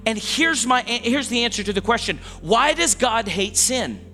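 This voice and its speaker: A man's voice: very high voice, expressive, moderate pace, pushed and bright, big-room sound, faint music behind. A man preaching a sermon as pastor, talking in a conversational way that stops and restarts often, with asides to the congregation. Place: church sanctuary.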